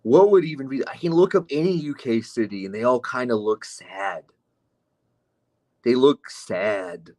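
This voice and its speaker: A man's voice: mid-range voice, a little fast, few pauses, a little mellow. A man streaming live, reading chat comments aloud and answering them with sardonic, profane mockery. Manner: sardonic, mocking, profane asides.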